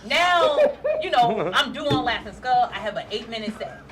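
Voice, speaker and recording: A woman comedian, chatting as a guest at a live comedy show. She tells her story in an animated way, laughing through the punchlines. A lively crowd is clearly heard behind her, and her voice sits a little high. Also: normal speed. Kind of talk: casual chat, storytelling. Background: crowd noise.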